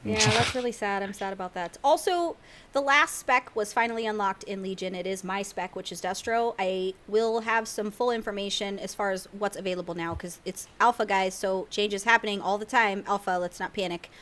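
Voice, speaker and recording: A woman's voice: mid-range voice, a little fast, fairly bright tone. Chatty woman hosting a podcast. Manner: chatty, laughs easily, talks to viewers. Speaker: podcast host. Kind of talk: casual podcast chat.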